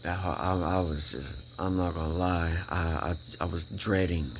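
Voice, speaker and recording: A man with a very low voice tells his faith testimony in an earnest, casual way. He stumbles, repeats himself and keeps asking "right?" A faint chirp of crickets sits behind him. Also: steady tone, slight background noise. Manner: emphatic, repeats himself, keeps checking in with "right?" and "you know?"; halting restarts when emotional. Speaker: vlogger sharing a personal faith testimony.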